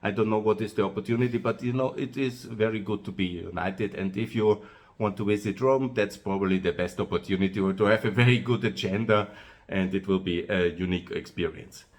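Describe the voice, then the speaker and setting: A man with an Austrian-accented English voice that sits a little low. He talks in an unscripted, rambling way, pausing on "uh" and circling back to repeat himself. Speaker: host of his own video channel. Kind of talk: monologue to camera.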